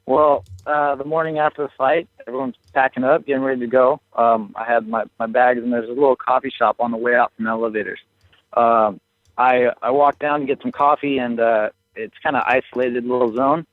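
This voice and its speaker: A man's voice: mid-range voice, fairly even intonation, fairly quick, no room sound. A young man on a media conference call, hesitant and full of fillers. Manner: hesitant, many fillers and restarts. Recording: dry tinny phone line.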